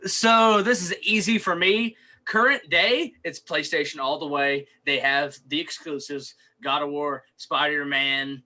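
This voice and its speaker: A man's voice: a little high, pushed and bright, low-quality recording. A young man co-hosting a podcast, chatting casually and rambling with lots of "like" and restarts. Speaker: podcast co-host. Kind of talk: casual chat.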